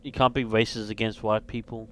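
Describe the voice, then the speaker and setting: A man's voice: fairly low pitch, level tone, fairly quick, a bit bright, slight background noise. A man on a game stream, chatting casually and chiming in with short, laid-back remarks. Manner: laid-back, brief interjections. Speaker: co-host friend.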